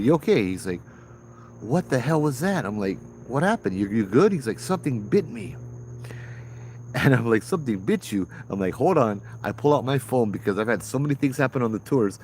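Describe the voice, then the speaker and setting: A man, casually telling ghost stories on a livestream outdoors at night, chatty and relaxed, greeting viewers and laughing often. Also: on the low side, a little hiss or hum. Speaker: ghost-story livestream host and former tour guide. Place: outdoors at night with bugs around.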